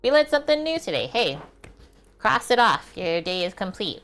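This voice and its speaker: A woman's voice: mid-range voice, big pitch swings, normal speed, fairly bright tone. A woman streaming while she cooks, chatting casually with viewers, answering their comments and laughing often. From Canada. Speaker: cooking streamer. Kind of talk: casual livestream chat while cooking.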